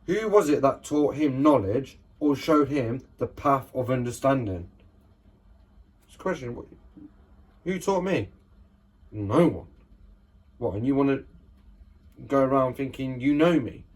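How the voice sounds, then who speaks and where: A man's voice: medium pitch, animated, a little slow, pauses often, husky. A man giving casual Bible teaching, reading scripture verses aloud and often checking in with his listeners. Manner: conversational, keeps checking in with listeners.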